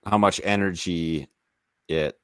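A man with a fairly low voice chats casually, dropping wry quips between remarks. His voice sounds dry and close to the mic. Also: steady tone, takes it slowly, clean tone, dry recording. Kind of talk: casual conversation.

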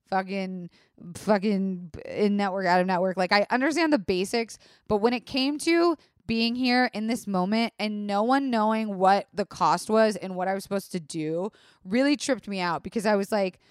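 Animated, profane young woman telling a story. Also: medium pitch, smooth, dry recording, clean studio sound. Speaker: vlog host. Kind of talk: casual storytelling.

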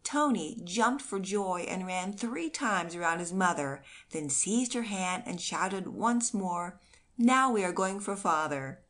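A woman reading a classic storybook aloud in gentle, steady scripted narration. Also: fairly low pitch. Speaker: audiobook narrator.

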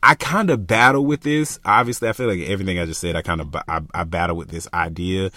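Passionate young man, low dry voice. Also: fast talker, dry recording. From Florida, US. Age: young adult. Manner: passionate, animated, talks through ideas with many fillers. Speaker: podcast co-host. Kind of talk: casual chat.

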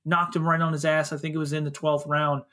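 A man from Philadelphia co-hosting a podcast in casual chat, excitable, laughing often and swearing casually. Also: on the high side, fast talker. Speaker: podcast co-host.

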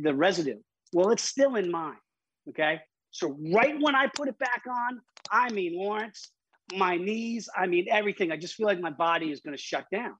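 A man's voice: sits high, slightly rough, muffled recording. A man, an interview guest, vividly retelling a personal story with emphatic restarts.

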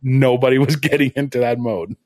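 A man's voice: medium pitch, fairly even intonation, fairly quick, darkish tone, no room sound. Chill podcast guest guy, laughs a lot, dry close mic, casual chat. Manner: laughs often, easygoing.

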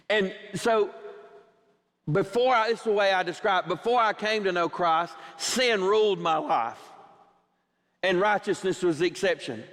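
A middle-aged pastor delivering a sermon, his fairly high voice carrying a long reverb through the church sanctuary. He tells a story from his own life and plays out the back-and-forth dialogue himself. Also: fairly bright tone. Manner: storytelling preacher, acts out both sides of conversations.

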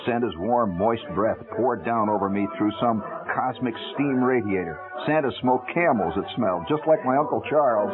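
A man telling a humorous first-person story on the radio, wry and animated, swinging from loud to hushed. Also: mid-range voice, normal speed, hardly any pauses. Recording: tinny old radio broadcast with music.

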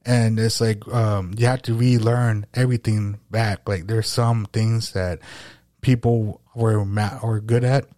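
A man with a slight lisp hosting a relaxed podcast chat, his voice sitting a little low. He talks in halting stretches, restarting and hunting for words. The sound is dry and close, with no room around it. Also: no echo. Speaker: podcast host. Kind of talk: casual podcast conversation.

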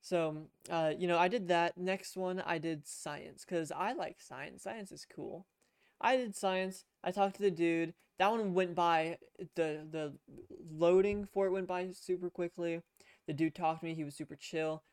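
Smooth-voiced young man telling a long story. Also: fairly high pitch, fairly even intonation, unhurried, no room sound, studio quality. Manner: rambling storytelling with swearing and restarts. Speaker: podcast co-host. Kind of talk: casual chat. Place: home room at a computer. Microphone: headset.

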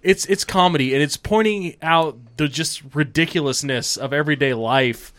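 A man in casual chat, blunt and animated, often laughing as he tells a story. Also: a little high, normal speed. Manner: animated, blunt, laughs while telling stories.

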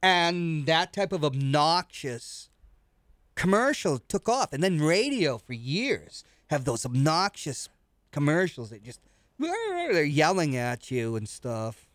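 Older man from New York, slightly higher voice, rambling trivia expert with deadpan humor, dry sound. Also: takes it slowly, no echo. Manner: rambling, knowledgeable storyteller with dry jokes. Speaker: show regular, trivia expert. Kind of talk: casual radio talk.

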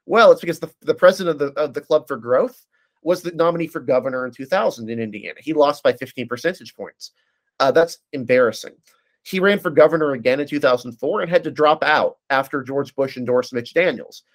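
A man's voice: mid-range voice, fairly quick. A man in casual political discussion, giving detailed analysis with frequent fillers and restarts.

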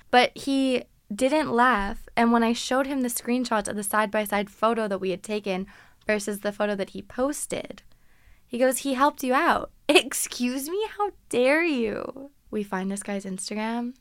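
A woman hosting a podcast, telling stories in a casual, animated, sarcastic way and laughing often. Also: on the high side, clean tone, no room sound, studio quality. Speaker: podcast host. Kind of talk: casual storytelling monologue.

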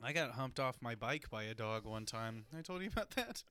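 A man's voice: medium pitch, animated, fairly quick, sharp tone, smooth. A man co-hosting a casual comedy podcast, laughing often as he talks. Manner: giggly, laughs often between words. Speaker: podcast co-host.

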